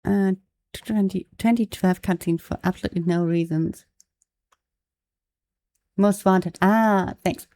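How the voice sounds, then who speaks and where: A woman's voice: medium pitch, steady tone, measured pace, pauses often, warm tone, no echo. A young adult woman streaming, chatting casually, laughing often and reading phrases aloud to practice them. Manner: giggly, reads text aloud and retries lines. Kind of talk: casual live-stream chat.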